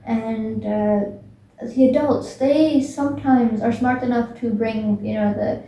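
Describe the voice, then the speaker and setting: A woman's voice: fairly high pitch, fairly even intonation, slow pace, mellow, a little hiss or hum. A young woman casually retelling a book's plot, rambling with many fillers and restarts. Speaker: book recap vlogger. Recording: echoey room, voice from a distance.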